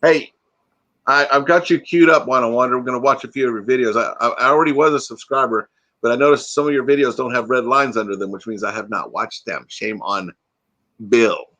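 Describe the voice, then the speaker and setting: A man's voice: mid-range voice, fairly quick, pushed and bright, highs cut off. A man hosting a casual live stream, chatting loosely and answering viewer comments while still a bit groggy from waking up. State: groggy, freshly woken.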